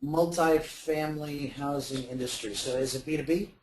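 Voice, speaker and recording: A man's voice: a little high, fairly even intonation, normal speed, roomy sound, poor audio. A man giving sales advice as a webinar guest, talking in a rambling way with many fillers and restarts. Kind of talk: webinar talk.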